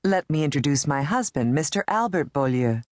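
Low-voiced woman narrating a lesson. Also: expressive, moderate pace, no echo, clean studio sound. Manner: clear, patient, guiding the learner. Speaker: language course narrator. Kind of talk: scripted instructional narration.

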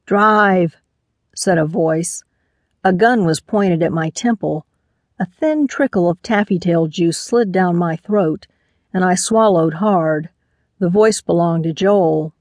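A woman's voice: fairly low pitch, measured pace, darkish tone, dry recording, clean studio sound. A woman narrating a first-person mystery audiobook, lending voices to the characters.

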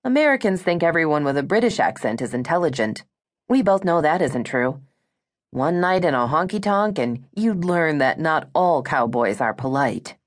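A woman's voice: sits low, lively intonation, moderate pace. A woman voicing a blunt, skeptical woman who teases her friend, in an audiobook. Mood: wry. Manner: dry, teasing, skeptical.

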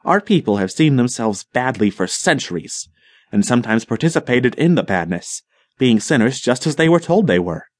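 A man's voice: medium pitch, no room sound, close to an everyday voice. A man voicing a grandiloquent, professorial older colony leader who talks in a rhetorical, dramatic way.

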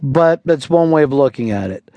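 A man's voice: medium pitch, lively intonation, normal speed, no room sound, dull audio. A radio host in the studio who riffs sarcastically and playfully mocks his co-host. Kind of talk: comedic radio talk, riffing and role-playing. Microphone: studio mic.

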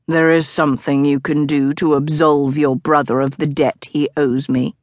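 A woman's voice: low voice, flat delivery, normal speed, no room sound, pitched below the performer's own voice, lightly acted. Woman doing a smirking scheming male playwright.

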